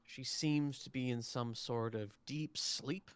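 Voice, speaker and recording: A man does an alien ship surgeon in a tabletop game, unhurried and matter-of-fact as he gives his findings. The voice is smooth and clear, recorded close and dry. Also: medium pitch, no room sound, lightly acted. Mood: clinical.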